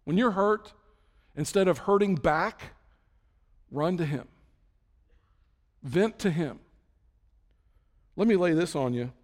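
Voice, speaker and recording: A man's voice: sits high, lively intonation, slow, long pauses, in a large hall. A man preaching a sermon in a conversational way, acting out prayers and imagined talks with God. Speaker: pastor.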